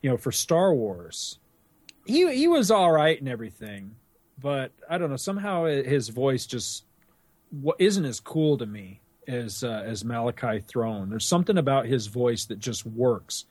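A man's voice: medium pitch, sing-song, a little slow, a little mellow, breathy edge, no echo. A man co-hosting a casual podcast, rambling, laughing often and swearing casually into a studio microphone. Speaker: podcast co-host. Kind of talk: casual chat.

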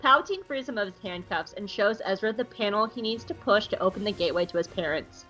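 A woman's voice: medium pitch, fast, pushed and bright, faint music behind, rough recording. A woman casually recapping a cartoon episode for a podcast, joking around and slipping into silly voices for the characters. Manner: playful, jokey, acts out quotes in silly voices.

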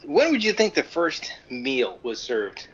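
A man's voice: mid-range voice, wildly swooping pitch, measured pace, breathy edge, highs cut off. Mock-pompous man co-hosting. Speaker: podcast co-host. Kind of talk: comedic casual chat.

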